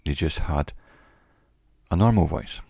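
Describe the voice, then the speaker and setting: A man giving an educational talk in a measured, reflective way, pausing often between phrases. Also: rumbling low, creaky, mellow, slightly rough, no room sound, studio quality. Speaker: teacher. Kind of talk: educational monologue.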